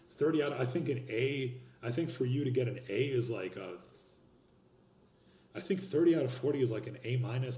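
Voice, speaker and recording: A man's voice: medium pitch, mellow, echoey room. A young man teaching a college class, explaining course policies in a casual, rambling and blunt way, with slang and restarts. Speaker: college instructor. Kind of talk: recorded online class lecture.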